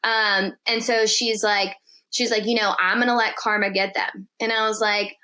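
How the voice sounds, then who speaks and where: Brief: woman guest, bright voice, storytelling in casual chat, animated, swears a lot, voices the people she quotes. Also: medium pitch, moderate pace. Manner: animated, profane, acts out quotes in dialogue. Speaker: podcast guest.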